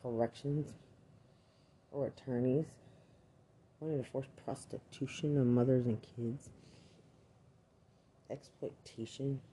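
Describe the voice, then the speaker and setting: A man's voice: mid-range voice, fairly even intonation, takes it slowly, pauses often, warm tone, slight background noise. A man and army veteran delivering an angry, accusatory rant full of swearing. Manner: furious, accusatory, swears constantly.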